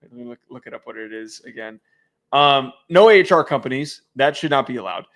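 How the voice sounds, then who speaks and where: A man's voice: mid-range voice, animated, brisk, fairly bright tone. A man co-hosting a casual football podcast, wry and sarcastic, who checks facts as he talks. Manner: wry, looks things up, sarcastic asides. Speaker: podcast co-host. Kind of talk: casual sports chat.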